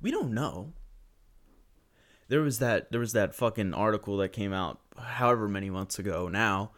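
A man's voice: fairly low pitch, animated, moderate pace, fairly bright tone. A young man ranting profanely and sarcastically through a solo podcast monologue.

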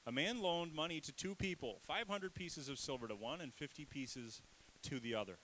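A man's voice: a little high, animated, moderate pace, pushed and bright, slight background noise, poor audio. A man in his thirties, a pastor giving a conversational sermon with candid, self-deprecating asides. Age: 30s.

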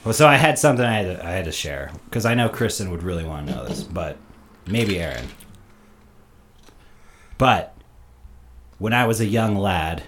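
Co-host, male, low but lively voice, sarcastic wisecracker. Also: moderate pace, long pauses, noisy background. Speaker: podcast co-host. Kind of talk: casual podcast banter. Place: heated garage studio.

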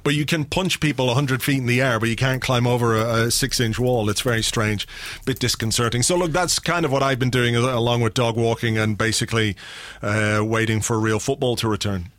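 A man in loose, jokey podcast banter, wandering through tangents with easy humor. His voice sits at an ordinary middle pitch. The recording is dry, with no room sound. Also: steady tone, fairly quick, a bit bright, no room sound. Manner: playful, jokey, rambling. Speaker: podcast co-host. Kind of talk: casual chat.

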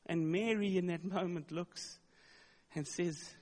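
A man's voice: high voice, fairly even intonation, takes it slowly, darkish tone. A male pastor preaching a sermon, retelling a story dramatically with emphatic, repeated words. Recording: long hall reverb.

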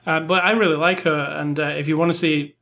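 A man's voice: fairly high pitch, steady tone, fast talker, a bit bright. A man co-hosting a casual film review podcast, easygoing and hesitant, steering the talk with questions.

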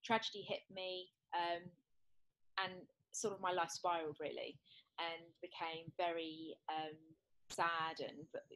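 A woman's voice: on the low side, steady tone, a little slow, a bit bright, poor audio. A middle-aged woman with a British accent who grew up in the United Kingdom, a guest on an interview show who talks in a rambling, hesitant, informal way. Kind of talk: casual interview chat.

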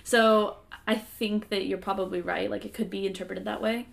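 A young woman co-hosting a podcast who talks in a thoughtful, measured way and hedges her opinions in casual chat. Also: mid-range voice, steady tone, vocal fry. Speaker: podcast co-host.

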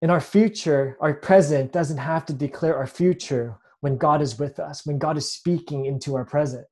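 A man's voice: a little high, normal speed, a little mellow. A man preaching a sermon in an earnest way, often restarting with repeated words. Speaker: pastor.

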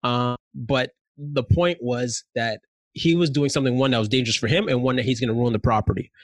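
Slangy, animated man in a dry mic. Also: medium pitch, brisk, no echo. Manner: animated storyteller, slangy, many fillers. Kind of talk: casual chat.

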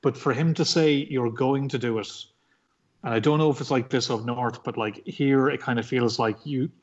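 A man's voice: medium pitch, fairly even intonation, normal speed, lo-fi sound. An Irish man, a comic book artist, telling his story in a casual interview, rambling with lots of fillers and swearing. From Ireland.

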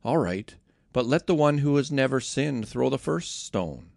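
A man giving voice to Jesus, an earnest male teacher who declaims his words in a lively, rising and falling voice with a gravelly edge. The sound is close and dry. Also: medium pitch, unhurried, no room sound, voice pushed up.

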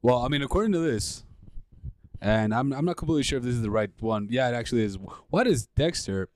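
A young man chatting casually with friends, laid-back and rambling, quick to laugh. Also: medium pitch, expressive, darkish tone, dry recording. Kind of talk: casual chat.

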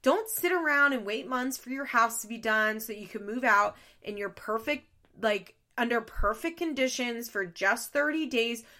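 Woman podcast host, bright and forceful, casual profane recap delivery. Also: on the high side, lively intonation, moderate pace, hardly any pauses. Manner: blunt, profane, exasperated.

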